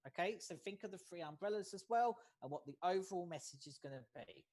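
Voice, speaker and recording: A facilitator teaches an online workshop in a steady, deliberate way. Points come one at a time, each capped with a quick "okay?" to keep the remote group following. The voice comes through a video-call mic. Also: mid-range voice. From United States. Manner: measured, often checks in with "okay?". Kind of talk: online training lecture.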